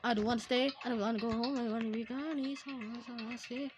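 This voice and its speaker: A woman playing a horror game, pleading, yelling and shrieking at it as she goes. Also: a little high, steady tone, quick pace, over music. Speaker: gamer. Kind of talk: horror game playthrough commentary.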